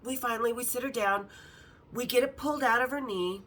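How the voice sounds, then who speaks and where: Bright-voiced woman telling bawdy stories. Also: fairly high pitch, fairly quick, poor audio. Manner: candid, bawdy and frank; lively, acts out the others' lines in her story. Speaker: podcast host. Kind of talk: casual storytelling.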